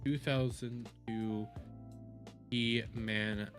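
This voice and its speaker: A man's voice: medium pitch, fairly even intonation, drawn-out words, faint music behind. A young adult man giving profane, rambling reaction commentary as a video host.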